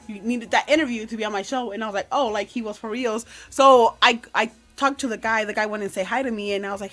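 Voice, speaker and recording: A woman's voice: on the high side, fairly bright tone. A woman, a podcast guest telling long casual anecdotes with plenty of fillers. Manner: chatty, code-switching anecdotes with many fillers.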